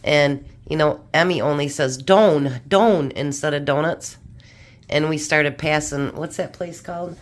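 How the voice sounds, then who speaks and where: A chatty home-cooking vlogger, a woman with a low, deep-set voice. She talks easily to her viewers as she assembles and tastes food in her kitchen, keeping a homey, unhurried tone. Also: level tone. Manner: chatty, homey, talks while eating and tasting. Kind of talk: casual cooking chat to camera.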